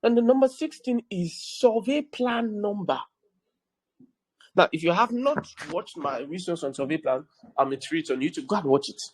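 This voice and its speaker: Guy lecturing on a video call, bit husky, kinda high voice, keeps asking are you with me. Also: animated, normal speed, darkish tone, dry recording, low-quality recording. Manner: keeps checking in with the audience, emphatic repetition. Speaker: real estate educator. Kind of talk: online class lecture.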